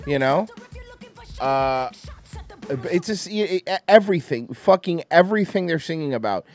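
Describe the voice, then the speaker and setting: High, animated man ranting on a stream. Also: a little slow, faint music behind. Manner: profane, sarcastic, mocking. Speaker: livestream host. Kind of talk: casual commentary rant.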